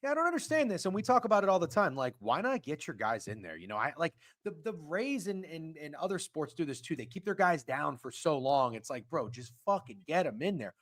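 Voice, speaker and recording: A man co-hosting a casual sports stream, swinging between loud outbursts and muttered asides. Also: on the high side, very animated, fairly quick, few pauses. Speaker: co-host of a sports betting stream. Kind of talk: casual profane sports chat.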